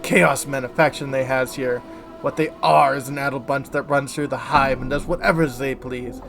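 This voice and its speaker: A man's voice: mid-range voice, fairly even intonation, normal speed, gravelly, over music, natural voice. A man reading the lines of a bitter, scarred woman in a game, with broken grammar and a blunt, angry manner.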